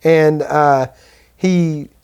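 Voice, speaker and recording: A man's voice: a little high, steady tone, extremely slow, a little mellow, clean tone. A man co-hosting a casual movie talk show, retelling scenes and slipping into brief character voices. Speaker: podcast co-host. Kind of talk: casual movie commentary chat.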